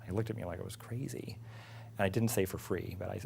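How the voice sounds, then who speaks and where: A middle-aged man, an executive, telling a casual story about his career. He is lively, laughs often and acts out what others said. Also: deep voice, a little fast, gravelly, slight background noise. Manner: animated, laughing, acts out quotes. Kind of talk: casual anecdote.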